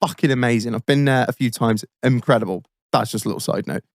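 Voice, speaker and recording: A podcast host tells a long, rambling story, swearing constantly and laughing often. His medium-pitched, creaky voice moves at a quick pace, in clean studio sound with no room sound.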